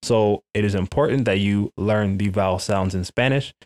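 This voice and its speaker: A man with a slightly low voice leads a beginner Spanish lesson. He drills the vowel sounds slowly and carefully for listeners to repeat after him. He checks in with "okay?" again and again. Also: a little mellow. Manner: frequent "okay?" check-ins with learners. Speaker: Spanish teacher.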